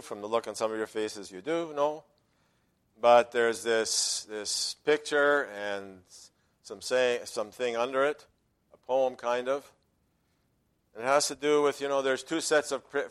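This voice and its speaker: A man preaching a sermon as pastor, emphatic, dropping to quiet asides and rising loudly on quoted verses. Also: mid-range voice, smooth.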